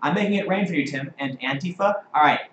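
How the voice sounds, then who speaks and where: A man hosts a live-stream debate and talks quickly and emphatically, with plenty of profanity. His voice sits slightly high. The room is echoey and has a faint background hiss. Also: a bit bright, highs cut off. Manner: fast, emphatic and profane, reads viewer comments. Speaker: host.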